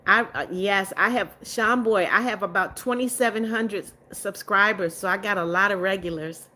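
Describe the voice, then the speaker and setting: A woman's voice: medium pitch, normal speed, bright, forceful tone. A young woman hosting a livestream, reading out viewer comments and answering them casually, greeting each newcomer with repeated hellos and welcomes. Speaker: livestream host.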